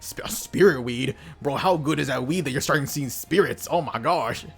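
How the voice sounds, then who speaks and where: A man's voice: a little high, fairly quick, vocal fry, fairly bright tone, breathy edge, soft background music. A young man streaming a game, joking and laughing in slangy, casual commentary.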